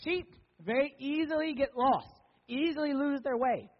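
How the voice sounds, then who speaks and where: Man, pastor, sermon, high voice, conversational, joking, dull lo-fi sound, long hall echo. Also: moderate pace.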